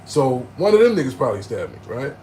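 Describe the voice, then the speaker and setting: A man telling a story in animated, slangy street talk, jumping into loud, high bursts when he acts out quotes. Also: quick pace, a little hiss or hum, poor audio. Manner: profane, slangy.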